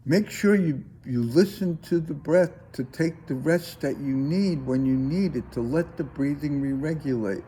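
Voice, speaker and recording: A man teaching a breathing class, guiding students with slow, calm, coaxing instructions. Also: on the high side, husky.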